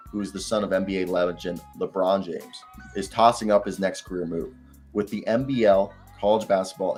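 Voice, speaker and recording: Young male sports host, low voice, loose and profane, faint music under. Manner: excitable, swears freely, quick laughs. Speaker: co-host of a basketball show. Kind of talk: casual sports talk, reading news aloud.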